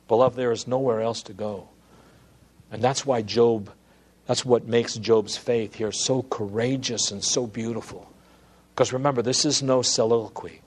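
A man preaching a sermon, moving between hushed, quiet lines and impassioned, emphatic declarations. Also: medium pitch. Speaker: pastor.

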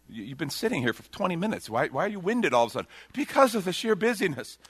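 A man with a husky, mid-range voice preaches a sermon that feels conversational, full of jokes at his own expense. He alternates hushed, slow moments with loud, excited ones, and the recording is dry.

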